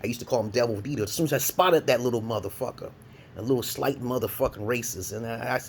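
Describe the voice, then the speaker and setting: A man's voice: fast talker, a little hiss or hum. Profane rambling man vlogger. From Brooklyn, New York. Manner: loud, laughing rants with sudden high shouts.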